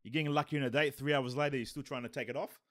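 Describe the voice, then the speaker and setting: A man's voice: medium pitch, steady tone, very fast. A man co-hosting a casual group chat, cracking jokes and stammering into his punchlines. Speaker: podcast co-host.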